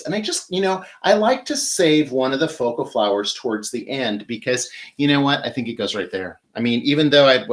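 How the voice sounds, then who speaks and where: A man's voice: medium pitch, fairly bright tone. A man hosting a live flower-arranging demonstration, chatty and enthusiastic as he talks while working with his hands. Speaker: florist host.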